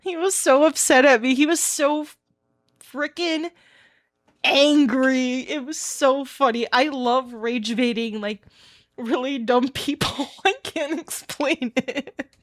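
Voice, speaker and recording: Bright high-voiced female streamer, lively casual storytelling with frequent laughter. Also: slow pace. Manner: animated storytelling, laughs often. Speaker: VTuber streamer. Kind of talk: casual live-stream chat.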